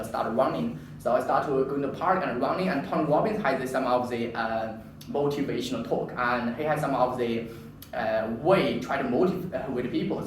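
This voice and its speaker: A man giving a personal story speech to an audience, animated and halting, often repeating himself. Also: medium pitch, slight background noise. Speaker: public speaker. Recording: echoey room from far off.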